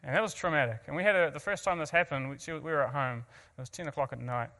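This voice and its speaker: A man's voice: a little high, fast talker, bright, forceful tone, long reverb tail. A man from New Zealand with a New Zealand accent, earnestly telling an audience his personal story with self-mocking asides and frequent restarts. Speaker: guest speaker.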